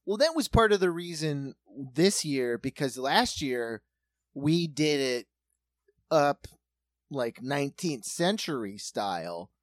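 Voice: medium pitch, sing-song, takes it slowly, no room sound. A middle-aged podcast co-host who adds profane, wisecracking jokes in casual banter. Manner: wisecracking, profane, jokey asides.

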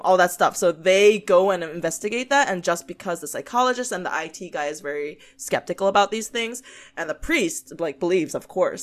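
A woman co-hosting a podcast in casual chat, talking loosely with many fillers and frequent laughter. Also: on the low side. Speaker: podcast co-host.

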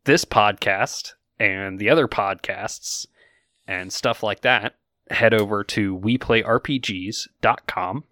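A man running a tabletop game as game master. He tells the story slowly and draws out his words in a fairly low voice. The sound is dry and close on the mic. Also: fairly bright tone, no room sound. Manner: slow, drawn-out storytelling. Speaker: game master and podcast host.

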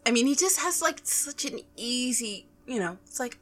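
A woman chatting on a podcast, her pitch jumping all over the place as she tells a story. She gets excitable and acts out her own reactions, then drops back into casual talk. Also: normal speed, a little hiss or hum. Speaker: podcast co-host. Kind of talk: casual chat.

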